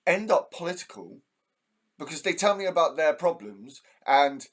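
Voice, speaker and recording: A man's voice: on the high side, big pitch swings, moderate pace. English guy ranting angrily, lots of swearing, heated solo monologue. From England. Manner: angry, profane, heated. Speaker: host.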